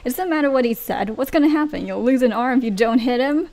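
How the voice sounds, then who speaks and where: A woman voicing a stern immigrant father who lectures his children loudly. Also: high-pitched, fast. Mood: scolding. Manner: loud, lecturing, scolding.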